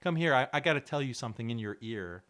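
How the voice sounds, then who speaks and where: A man voicing a smarmy man who whispers coaxing come-ons to a woman, speaking low and hushed. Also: lively intonation, a little slow.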